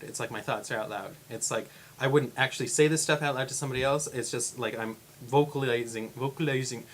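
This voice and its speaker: A man's voice: medium pitch, fairly bright tone. A young man rambling in a casual vlog from his room, laughing often and acting out what people say. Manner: rambling and chatty, laughs often, acts out quotes. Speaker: vlogger. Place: home room indoors. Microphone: camera facing speaker.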